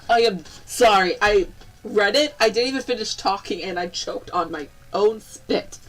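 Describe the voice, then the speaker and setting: A young woman chatting casually on a live stream, rambling and bubbly, breaking into excited squeals. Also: mid-range voice, normal speed, faint music behind, rough recording.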